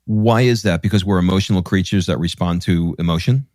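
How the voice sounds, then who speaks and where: A man's voice: deep voice, a little fast, a little mellow, no room sound, studio quality. A man hosting a podcast interview, asking short, curious follow-up questions. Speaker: podcast host. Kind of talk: conversational interview.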